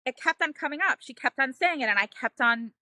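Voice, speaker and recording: A woman's voice: sits high, lively intonation, fairly quick, bright, forceful tone, no echo. A woman telling a heartfelt personal story as a mother on a parenting show, earnest and emotional, often saying "like" and "you know.".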